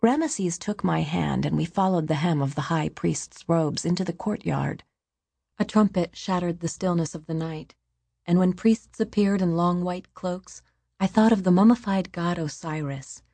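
A woman narrating an audiobook in a measured storytelling manner. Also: lowish voice, gravelly, mellow, husky, no room sound.

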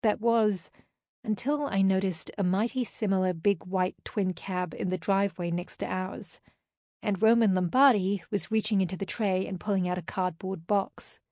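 A woman reading a first-person novel in a steady, intimate way. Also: medium pitch, moderate pace, no room sound, studio quality. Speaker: audiobook narrator. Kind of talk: first-person audiobook narration.

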